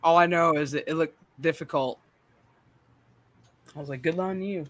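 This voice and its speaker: Man, casual stream chat, profane, animated storyteller, high voice. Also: moderate pace. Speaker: streamer host.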